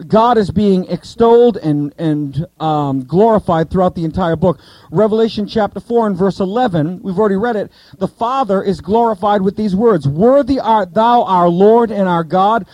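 A man teaching a Bible study to a group, asking the listeners questions and repeating key points slowly. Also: high-pitched, mellow, no echo, rough recording.

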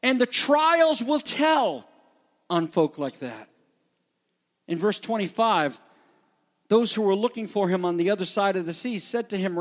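A man preaching a sermon as pastor, emphatic and ad-libbing with drawn-out stresses. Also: high voice, sing-song, long reverb tail.

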